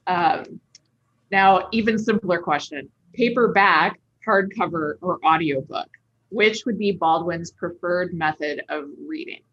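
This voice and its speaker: Husky-voiced woman co-host, lo-fi sound. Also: on the low side, unhurried. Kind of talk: casual interview. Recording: dull lo-fi sound.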